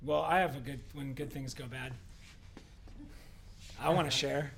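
A man co-hosting a casual faith discussion, telling a story in an animated way with rhetorical questions. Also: mid-range voice, a little slow, vocal fry, a little hiss or hum. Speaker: co-host.

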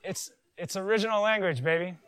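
A man preaching a conversational sermon, joking and animated, with silly voices in his asides. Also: high voice, a little fast, clear, resonant tone, low-quality recording. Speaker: pastor.

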